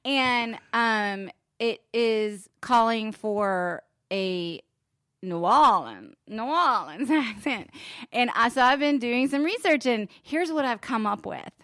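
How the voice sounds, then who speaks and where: A middle-aged woman co-hosts a relaxed podcast chat. Her voice sits fairly high and sounds close and dry, with no room around it. She is playful and laughs often. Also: slow pace, no echo. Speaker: podcast co-host. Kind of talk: casual chat.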